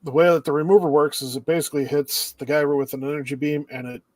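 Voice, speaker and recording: A man co-hosting a podcast in casual chat, recapping the plot in a steady, easygoing way. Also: on the high side, quick pace, dry recording. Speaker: podcast co-host.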